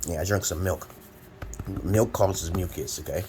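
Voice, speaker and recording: This advice vlogger is a man in his forties from Brooklyn, New York, giving rambling, blunt and profane advice in a preachy monologue from a room at home. His voice is low and dark, and he speaks unhurriedly. A fan and slight background noise can be heard.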